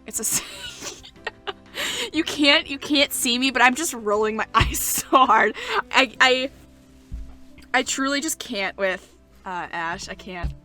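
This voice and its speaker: A woman streaming a story game, excitable and prone to loud outbursts and swearing between stretches of reading. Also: sits high, slow pace, pauses often. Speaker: let's play streamer. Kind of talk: gaming commentary. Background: faint game music.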